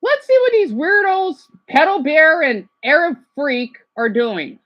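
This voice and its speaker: Agitated high-voiced woman ranting on a livestream. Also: lively intonation, a little slow, lo-fi sound. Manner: agitated, swings between angry outbursts and hushed apologies. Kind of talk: casual livestream rant.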